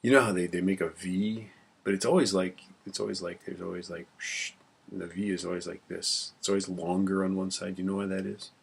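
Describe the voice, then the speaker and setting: A deep-voiced male instructor with a heavy gravelly rasp and a very husky tone. He talks through a classroom lecture in a rambling way, muttering sums half under his breath. He slips corny jokes in between topics. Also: steady tone, brisk.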